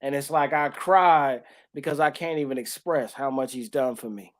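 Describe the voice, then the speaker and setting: A man co-hosting a faith podcast, sharing an emotional testimony in casual talk, swinging from loud bursts to hushed lines and breaking into tearful laughter. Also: mid-range voice, moderate pace. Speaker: podcast co-host.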